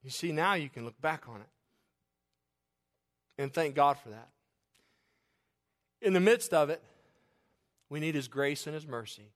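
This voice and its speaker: A man's voice: on the high side, animated, a little slow, pauses often. Fervent preacher man, rising and falling. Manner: fervent, swings from soft to loud, with chuckles. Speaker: pastor. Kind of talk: sermon.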